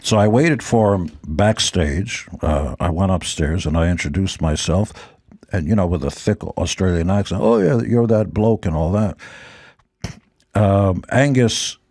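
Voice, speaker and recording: An older man from Israel, a guest telling rock-tour stories in a relaxed chat, with dry joking asides. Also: deep voice, a little slow, dry recording. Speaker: guest musician. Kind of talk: casual storytelling.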